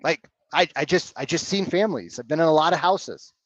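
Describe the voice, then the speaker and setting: Blunt, high-voiced male sales coach. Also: fairly quick, no room sound, poor audio. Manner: energetic, blunt and animated, swears casually. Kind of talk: live coaching session on a video call. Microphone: video call.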